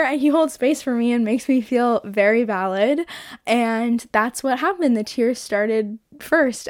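A woman's voice: a little high, no echo. Candid, chatty young woman, dry close sound. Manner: candid, chatty, swears freely, many "like" fillers. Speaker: podcast host. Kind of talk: casual solo podcast chat.

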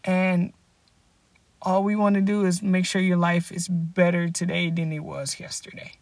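A flat, high voice, a little slow and dry-recorded, belongs to a young man hosting a casual solo podcast. Even so, he rambles in an upbeat way, fixing his own words and firing off rhetorical questions.

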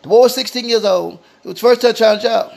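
A man with a very high voice tells a homespun story off the cuff. His tone is gravelly and a little husky. He stumbles and repeats himself as he goes, restarting lines often. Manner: halting, repetitive telling with frequent restarts. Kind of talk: improvised spoken storytelling.

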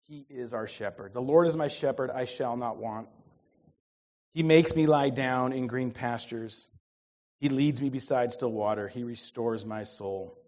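A man in his forties preaching a sermon with humor, his voice swinging between loud and soft. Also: mid-range voice. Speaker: pastor. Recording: tinny phone-like sound.

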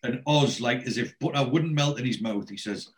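A man's voice: mid-range voice, moderate pace, a little hiss or hum. A man hosting a podcast, casually retelling scenes and quoting lines, with frequent restarts. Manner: storytelling, reads out quotes, many restarts. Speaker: podcast host. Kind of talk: casual episode recap.

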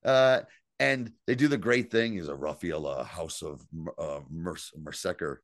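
Profane, animated man recapping an episode. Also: low voice, normal speed, no room sound, clean studio sound. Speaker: podcast co-host. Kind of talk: casual recap chat.

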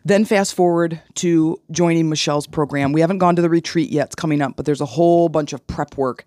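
Podcaster rambling frankly, animated analogies, dry sound. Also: mid-range voice, a little fast, hardly any pauses, no room sound. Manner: casual, frank. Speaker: podcast host. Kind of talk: solo podcast monologue.

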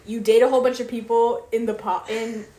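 A woman's voice: a little high, little pitch movement, dark tone, a little hiss or hum. A young woman co-hosting a casual podcast chat, talkative and laughing often. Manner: chatty, laughs often, quick asides. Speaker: podcast co-host. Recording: echoey room.

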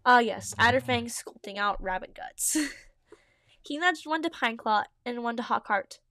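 A woman's voice: on the high side, lively intonation, a little slow, pushed and bright, dry recording, clean studio sound. A young woman reading her old fan story aloud with giggly, self-mocking asides. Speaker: podcast host reading her own old writing.

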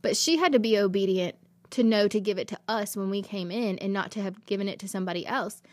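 Woman, podcast host, heartfelt testimony, rambling, mid-pitched, dry close sound. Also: fast talker, dry recording. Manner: earnest, emotional, rambling with many "like"s. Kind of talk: personal faith testimony storytelling.

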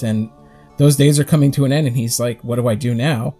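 A man co-hosting a podcast, chatting casually and telling stories in a rambling, animated way with quick acted-out quotes. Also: mid-range voice, faint music behind. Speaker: podcast co-host. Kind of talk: casual chat.

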